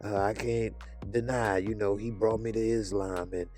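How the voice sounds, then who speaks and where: A man voicing a young male boxer who talks softly and hesitantly. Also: fairly low pitch, steady tone, moderate pace, faint music behind, natural voice. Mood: earnest. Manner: soft, hesitant. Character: young male boxer, earnest and soft-spoken.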